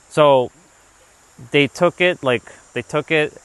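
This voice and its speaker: A man hosting a livestream while out on a walk, talking loosely and casually, filling his talk with "like" and now and then letting a swear slip when he gets animated. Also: on the high side, moderate pace, clean tone, dry recording. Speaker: livestream host, self-improvement speaker. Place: outdoors on a walk. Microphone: handheld gimbal rig.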